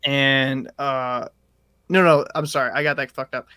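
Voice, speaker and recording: A man co-hosting a casual podcast, telling a story in a rambling, animated way with lots of fillers and swearing. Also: medium pitch, unhurried, smooth, dry recording. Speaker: podcast co-host.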